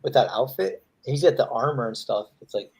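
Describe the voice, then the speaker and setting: A man's voice: medium pitch, lively intonation, brisk, vocal fry, darkish tone, slightly rough. A man who draws comics, chatting casually with friends and telling rambling anecdotes, acting out the quotes. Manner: rambling storyteller, acts out quotes. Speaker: comic artist, host. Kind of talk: casual chat.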